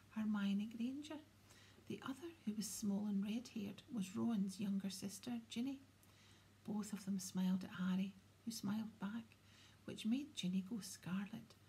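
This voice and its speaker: A woman reading a children's novel aloud in a soft, half-whispered storytelling manner. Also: medium pitch, slightly rough. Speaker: audiobook reader. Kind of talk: storybook narration.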